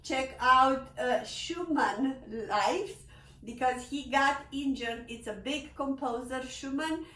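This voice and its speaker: A woman teaching a piano lesson in non-native phrasing, laughing often and pleading with students to stay relaxed, with a piano in the room. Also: high voice, takes it slowly. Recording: echoey room, mic at a distance. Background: piano playing.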